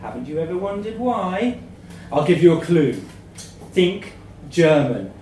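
A man's voice: fairly high pitch, animated, takes it slowly, darkish tone, a little hiss or hum. A man reading comic letters aloud, playful and often laughing as he reads. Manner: playful, laughing through the lines. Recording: echoey room from far off.

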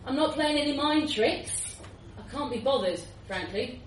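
A woman doing a jaded policeman who can't be bothered, dry and offhand. The voice drifts widely in pitch, heard from a distance in a roomy live space. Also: expressive, moderate pace, a little hiss or hum. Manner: laconic, dry, world-weary. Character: bored cynical male policeman.

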